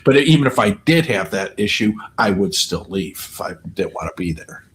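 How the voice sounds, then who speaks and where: A man's voice: on the low side, very animated, moderate pace, fairly bright tone. A man co-hosting a live stream, chatting casually and telling rambling, joking stories. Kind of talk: casual chat.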